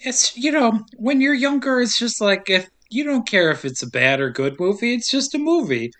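A man's voice: extremely high pitch, sing-song, normal speed, fairly bright tone. Joking young man hosting a podcast. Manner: jokey, does mocking voices, laughs a lot. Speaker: podcast host. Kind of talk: casual chat.

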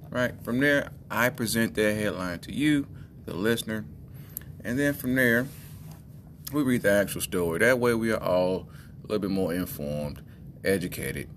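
A man from the Midwest hosting a podcast, doing casual comedic commentary in an animated, exasperated way and talking straight to his listeners. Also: mid-range voice, a little hiss or hum. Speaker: podcast host.

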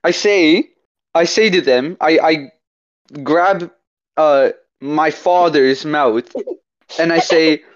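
Tabletop player, joking, slangy, casual, middling pitch, muffled lo-fi recording. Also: takes it slowly, long pauses. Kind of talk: casual tabletop game play.

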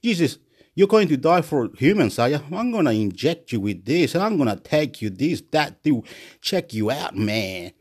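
A man voicing a brisk, pushy male doctor who talks in a hurried, bossy way. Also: mid-range voice, very animated, a little mellow, husky.

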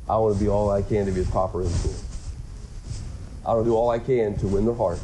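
A man's voice: fairly low pitch, mellow, slight background noise. A middle-aged man preaching a sermon as a pastor, conversational and earnest, often repeating words and rising for emphasis.

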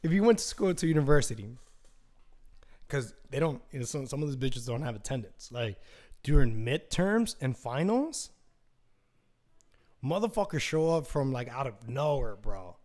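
A man's voice: mid-range voice, big pitch swings, moderate pace, long pauses, a little mellow. A young man hosting a casual solo podcast, telling a rambling, profane story and acting out quotes in raised voices. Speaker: podcast host.

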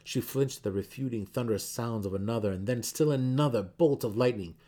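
A man giving a dramatic reading of a fantasy novel in a measured storytelling manner. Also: medium pitch, mellow. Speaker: narrator.

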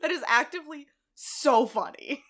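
Woman, podcast co-host, playful, tired, bright, animated pitch. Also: moderate pace. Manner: playful, punning, giggly. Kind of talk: casual chat.

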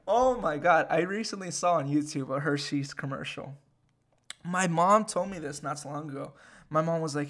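Young man host, twenties, slightly high voice, casual profane rant, animated delivery. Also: normal speed. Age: 20s. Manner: animated and profane, with frequent fillers. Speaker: podcast host. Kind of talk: casual ranting monologue.

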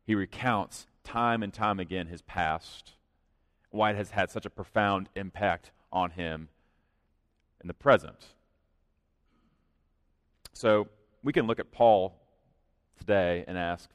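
Low-voiced man preaching in a reverberant hall. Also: takes it slowly, pauses often. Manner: earnest, conversational preaching with emphatic rises. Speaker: pastor. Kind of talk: sermon. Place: church sanctuary. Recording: long reverb of a large hall.

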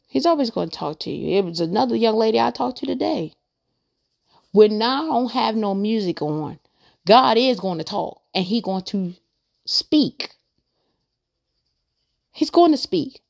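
A woman's voice: mid-range voice, expressive, normal speed, vocal fry, a little mellow. A woman hosting a podcast, talking through her faith in an earnest, rambling way and repeating her points for emphasis. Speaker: podcast host. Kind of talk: casual faith monologue.

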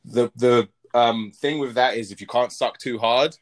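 A man's voice: mid-range voice, steady tone, a little slow. A man in his twenties co-hosting a podcast, talking frankly and explicitly in a loose, rambling way. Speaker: podcast co-host. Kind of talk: casual chat.

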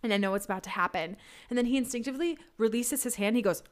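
A woman's voice: fairly high pitch, rapid-fire. A woman in casual conversation, telling a personal story with lots of energy. She swings her voice up and down to act out what each person said, and she laughs often as she goes. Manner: animated, acts out quotes, laughs often.

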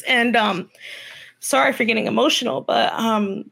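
A woman guest on a livestream podcast, talking in an emotional, halting way with many pauses and fillers. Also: on the high side, gravelly, fairly bright tone.

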